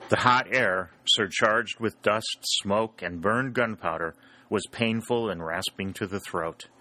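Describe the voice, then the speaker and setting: A male narrator reads a war adventure aloud in a steady, dramatic way. His voice sits fairly low. The tone is bright and pressed, with a forceful edge. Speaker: audiobook narrator. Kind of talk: scripted narration.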